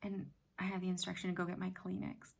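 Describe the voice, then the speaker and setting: A middle-aged woman hosting a reflective self-help talk, speaking softly and often in a half-whisper, gentle and halting. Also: on the low side, monotone, gravelly, background noise. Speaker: self-help practice host. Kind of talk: soft-spoken personal reflection.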